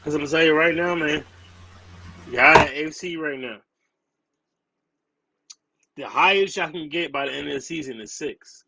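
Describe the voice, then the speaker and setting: A man, trash-talking in heated sports banter on a podcast. His voice sits somewhat high. He hammers points home by repeating himself. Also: moderate pace, vocal fry, pauses often, sharp tone, poor audio. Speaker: podcast co-host.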